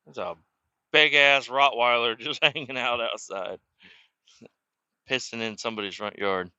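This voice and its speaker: A man's voice: medium pitch, measured pace, pushed and bright, clear, resonant tone, no room sound, dull audio. Profane man rambling from his car. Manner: profane, laid-back, chuckling, rambling. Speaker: vlogger telling life stories. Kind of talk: casual rambling storytelling. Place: inside a car while driving.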